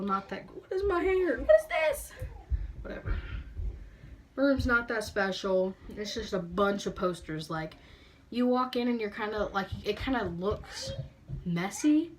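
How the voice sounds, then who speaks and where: A woman's voice: medium pitch, slight background noise. Bubbly late-teen girl, sassy casual vlog chat, congested and breathing hard, a mid-range voice. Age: late teens. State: stuffy nose, breathing hard. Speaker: beauty vlogger. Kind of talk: casual room tour chat. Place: her bedroom.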